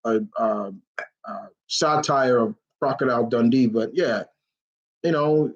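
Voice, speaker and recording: A man's voice: medium pitch, measured pace, dull audio. A man hosting a live question-and-answer stream, chatting enthusiastically in a rambling way, full of fillers and restarts. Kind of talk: casual rambling chat.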